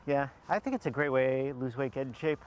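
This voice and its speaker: A man from Texas hosting a comedy talk show, joking in a deadpan, mock-authoritative way and laughing at himself. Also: mid-range voice, brisk, clear, resonant tone.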